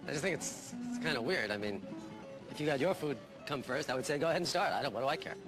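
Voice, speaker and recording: An actor playing a fast-talking, argumentative man at lunch. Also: mid-range voice, animated, natural voice. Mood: irritated. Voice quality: argumentative, incredulous. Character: impatient man arguing about when to eat lunch. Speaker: diner in a comedy scene. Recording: TV scene with music under it.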